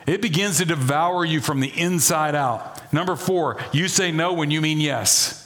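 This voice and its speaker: A middle-aged male pastor preaches with a folksy, animated delivery. He mixes playful asides into his sermon, and his voice sits somewhat high for a man. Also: normal speed.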